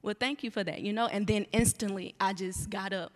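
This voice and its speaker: A woman's voice: medium pitch, steady tone, a little fast, in a large hall. A young woman giving a candid, rambling church testimony. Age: young adult. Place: church sanctuary.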